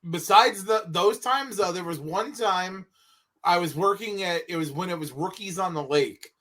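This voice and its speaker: Male co-host, slightly high, bright and forceful voice, playful banter. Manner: joking, playful, quick asides. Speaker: podcast co-host. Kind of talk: casual banter.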